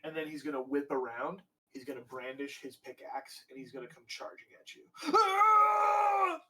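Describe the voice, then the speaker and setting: A man's voice: mid-range voice, steady tone, fairly quick, a little hiss or hum. A man narrating as game master of a tabletop game, rambling and casual, with lots of fillers and swearing. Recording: voice a bit distant from the mic.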